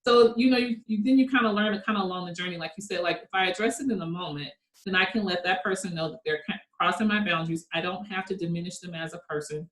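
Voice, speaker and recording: Low-voiced reflective woman, echoey room. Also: fast talker. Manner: earnest and reflective, laughing softly. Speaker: guest, kindness network founder. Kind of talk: conversational interview. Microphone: video call.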